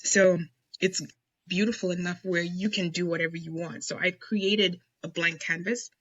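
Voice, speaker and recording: A woman's voice: lowish voice, fairly even intonation, normal speed, a bit bright, lo-fi sound. A woman guest on a casual podcast interview, talking emphatically and with enthusiasm about blending whiskey. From United States.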